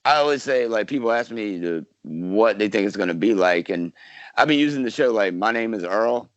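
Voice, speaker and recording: A man's voice: on the low side, lively intonation, brisk, dry recording. A man from South Carolina, an actor guest chatting casually in an interview, rambling with lots of fillers and restarts. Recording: dull lo-fi dry sound.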